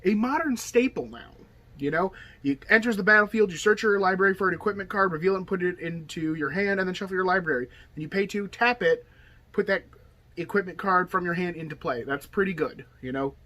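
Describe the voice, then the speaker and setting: A high-pitched, brisk man with a sharp tone hosts a deck tech in a casual hobby video. Chatty and rambling, he walks through his card game deck while saying okay and you know a lot.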